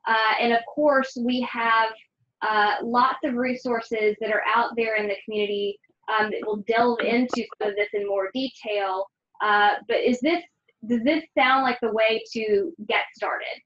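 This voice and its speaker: A woman's voice: a little high, steady tone, unhurried, a bit bright. A woman moderating a webinar, summarizing points in a hesitant way with many fillers. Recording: dull lo-fi audio with faint noise.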